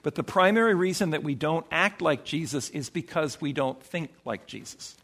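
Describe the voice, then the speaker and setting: A man's voice: lively intonation, normal speed, a bit bright. Emphatic preaching pastor, a man. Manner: emphatic preaching with acted-out quotes and sudden shifts in pitch. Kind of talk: sermon.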